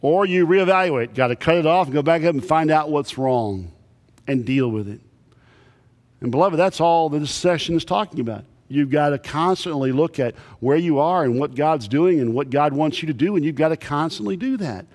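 A man's voice: fairly high pitch, animated, normal speed, darkish tone. A man preaching a sermon to a congregation, telling folksy, humorous stories. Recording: long reverb of a big hall.

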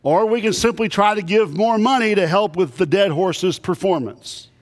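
A man's voice: high-pitched, normal speed. A man preaching a sermon to a congregation, telling folksy, humorous stories. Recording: long reverb of a big hall.

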